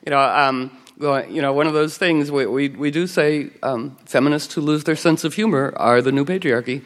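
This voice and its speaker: A woman's voice: low voice, moderate pace, in a large hall. Rambling, playful woman telling stories. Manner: rambling, playful, full of "you know" and restarts. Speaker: radio show host, telling anecdotes as a guest. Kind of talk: casual storytelling chat.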